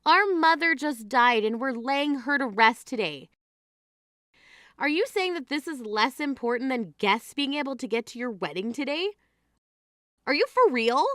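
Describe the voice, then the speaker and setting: A woman's voice: sits high, animated, normal speed, a bit bright, no room sound, clean studio sound. A woman voicing a grieving adult sister who scolds her sibling in an exasperated, indignant way, in a dramatized text-message story. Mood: outraged.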